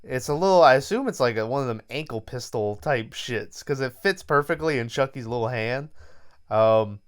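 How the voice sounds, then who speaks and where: A man with a smooth, clear voice at a middle pitch, retelling a horror film scene by scene. He talks loosely and swears often, as he would in casual chat. He is recording from his bed at home. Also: animated, normal speed. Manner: loose, profane storytelling. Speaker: podcast host. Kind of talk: casual movie recap.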